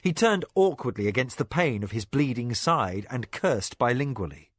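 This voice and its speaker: A male narrator reads a novel aloud, his voice rising and falling in a lively, expressive way. His pitch sits in the middle. The recording is close and dry, with no room echo. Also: normal speed. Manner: expressive, dramatic reading. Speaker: audiobook narrator. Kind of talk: scripted narration.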